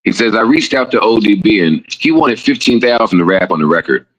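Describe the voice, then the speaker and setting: A male streamer reading a story aloud, lively, acting out the quoted voices. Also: fairly low pitch, brisk, lo-fi sound.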